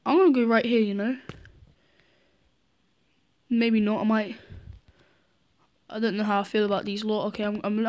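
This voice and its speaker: A woman hosts live gameplay commentary, her voice sitting a little higher than most. She is excitable and quick to react, cheering on and scolding her teammates as the match unfolds. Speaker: gaming video host.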